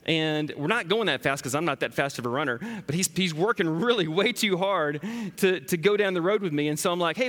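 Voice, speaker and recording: A man in his thirties telling funny family stories in a sermon, animated and self-deprecating. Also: a little high, big-room sound. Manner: animated, self-deprecating storyteller, laughs often. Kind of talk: storytelling sermon.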